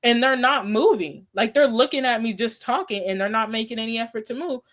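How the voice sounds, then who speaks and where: Relaxed woman with a higher voice. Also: fairly quick. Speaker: co-host. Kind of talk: casual chat.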